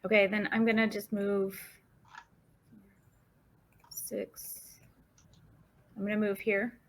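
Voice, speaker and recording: A woman takes her turn in an online tabletop game over a headset. She talks slowly and haltingly, pausing often with ums. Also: mid-range voice, flat delivery. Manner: hesitant, halting, many ums. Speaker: player. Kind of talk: casual game chat. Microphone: headset on a voice call.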